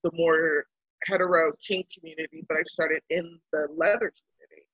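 This guest, from Baltimore, United States, has a deep voice with a breathy edge and speaks at a moderate pace. She tells a story with lots of animation in a casual interview, acting out people's words. There's no room sound, and the highs are cut off.

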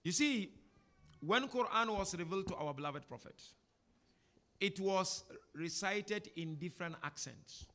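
A man, a sheikh, giving a chatty, animated religious talk to an audience in a mosque and taking their questions. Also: high voice, unhurried. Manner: animated, chatty teacher with laughs and asides. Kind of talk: informal religious lecture with Q&A. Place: mosque hall before an audience.

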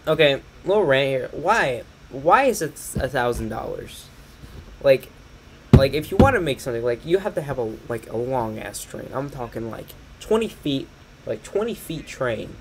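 A young man riffs his way through a product catalog in loose, sarcastic commentary, cursing freely and breaking into laughs. His voice sits in an ordinary middle pitch, with a faint hum under it. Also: big pitch swings, normal speed. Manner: rambling, sarcastic, swears a lot, laughs often. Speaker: streamer. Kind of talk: casual commentary over a catalog.

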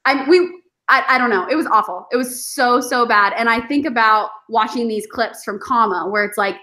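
A woman, a guest on a podcast, telling animated stories in casual chat and acting out her past self. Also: on the high side, moderate pace. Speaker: podcast guest, former reality show contestant.

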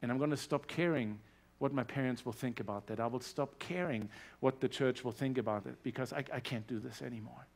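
A man with a German accent giving a personal testimony in a church service, earnest and growing animated as his story builds. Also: mid-range voice, a little fast, gravelly, few pauses. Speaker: guest speaker sharing his testimony.

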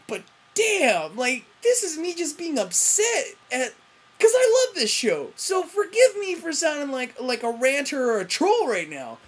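A woman ranting in a TV review vlog, profane and rambling, often breaking off mid-sentence. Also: high voice. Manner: frequent self-interruptions and fillers. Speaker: TV review vlogger.

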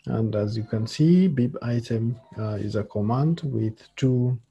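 A man teaching a screen-share coding tutorial as a lecturer, talking slowly and haltingly with many fillers. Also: mid-range voice, dark tone, breathy edge, highs cut off.

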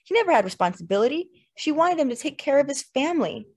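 A woman's voice: sits high, very animated, quick pace, voice pushed up. A woman reading as a restless, edgy young mother. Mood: insistent.

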